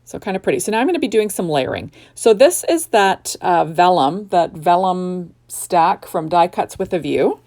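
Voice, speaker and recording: A middle-aged woman talks through her card-making steps in a relaxed, chatty way. Her voice sits a little low with a gravelly edge. She wanders through fillers and restarts as she works at home. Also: normal speed, few pauses. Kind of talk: casual crafting tutorial voice-over. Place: home craft room.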